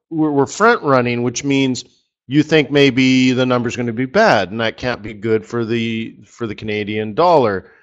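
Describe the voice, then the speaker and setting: A man coaching traders in a live webinar lesson, talking in a chatty, joking way and throwing out rhetorical questions. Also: mid-range voice. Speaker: forex trading coach.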